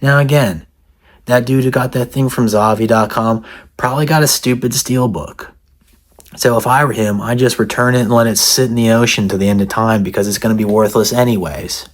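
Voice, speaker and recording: A man with a lowish voice rants to the camera in a mock-serious comedic style. His sarcasm is steady and deadpan, like a vlogger playing an over-the-top character. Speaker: satirical vlogger.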